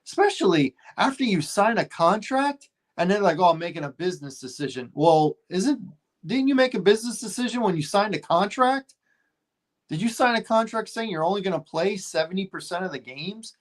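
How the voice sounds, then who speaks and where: A man's voice: high-pitched, lively intonation, normal speed. A man co-hosting a casual sports talk show, emphatic and exasperated, firing off rhetorical questions.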